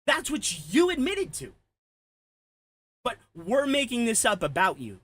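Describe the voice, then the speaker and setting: A man delivering an angry, profane ranting commentary, heated and shouting at times. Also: extremely high pitch, wildly swooping pitch, unhurried, long pauses. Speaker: commentary streamer.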